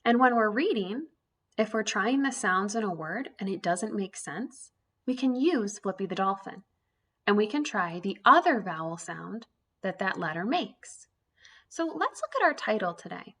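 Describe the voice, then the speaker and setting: A woman's voice: mid-range voice, fairly bright tone, slightly rough. A woman teaching an early reading lesson to young children, sounding out letters one by one in an encouraging way.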